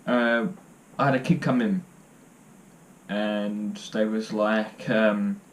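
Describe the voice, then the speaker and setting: A man's voice: fairly low pitch, steady tone, slow pace. A young man telling stories to camera in a casual vlog, joking and self-deprecating as he rambles. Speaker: vlogger.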